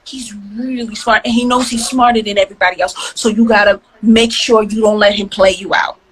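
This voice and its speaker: A woman guest in a casual chat, telling stories in a playful and expressive way. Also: medium pitch, fairly quick, breathy edge, rough recording.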